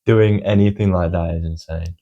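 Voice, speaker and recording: A man's voice: low voice, steady tone, normal speed, mellow, lo-fi sound. A man chatting as a guest on a casual podcast, answering with incredulous, joking banter and casual swearing. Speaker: podcast guest, host's cousin.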